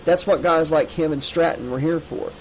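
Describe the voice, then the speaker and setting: A man reading an audiobook in a measured, steady voice. His voice sits somewhat high for a man, with a faint room tone behind him. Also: a little hiss or hum, rough recording. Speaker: audiobook narrator. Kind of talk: scripted narration.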